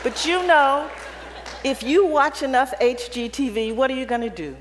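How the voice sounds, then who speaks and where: A high-voiced woman gives a keynote in an event hall with an audience, sharing personal stories in a humorous, conversational way and often checking in with "right?". She speaks at normal speed. The hall is reverberant, with slight background noise.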